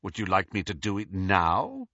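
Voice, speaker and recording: A man's voice: lowish voice, animated, slow pace, pushed and bright, no echo, highs cut off, heavily acted. A man voicing a cold, sardonic wizard professor who talks in a bitter, clipped way, as an audiobook character.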